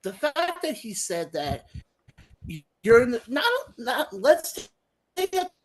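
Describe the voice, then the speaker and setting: Brief: woman sports podcaster, sarcastic and emphatic, bright lively voice. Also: fairly high pitch, slow. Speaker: podcast co-host. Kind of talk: casual sports talk.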